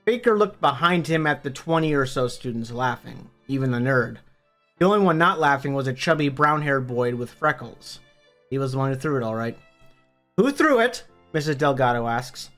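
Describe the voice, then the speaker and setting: A man's voice: medium pitch, fairly quick, fairly bright tone, faint music behind. A man narrating a book summary for his online channel, upbeat and conversational, with the odd casual swear. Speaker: book review YouTuber.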